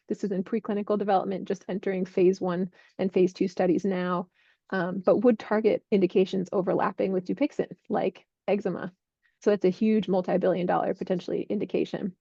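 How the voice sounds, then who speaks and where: A woman working as a healthcare investment analyst, clearly and methodically explaining drug industry developments. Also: mid-range voice, warm tone, dry recording, lo-fi sound.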